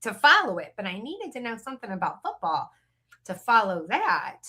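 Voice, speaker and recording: Woman, middle-aged, podcast co-host, chatty, candid, animated pitch, bright tone. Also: moderate pace, slightly rough. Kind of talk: casual book chat.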